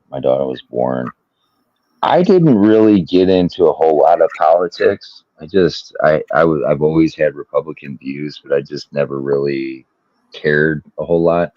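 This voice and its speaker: Male co-host with a deep voice, tells stories profanely; dull lo-fi recording. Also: no room sound. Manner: profane, animated retelling. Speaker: podcast co-host. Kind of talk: casual chat, storytelling.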